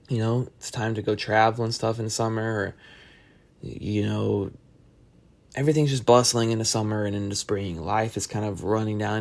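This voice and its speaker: A man's voice: lowish voice, a little mellow. A man hosting a solo podcast, talking in a rambling, profane and wry way. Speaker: podcast host.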